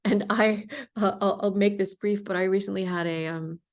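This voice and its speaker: Woman, podcast host, casual conversation, emphatic animated storytelling, mid pitch. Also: normal speed.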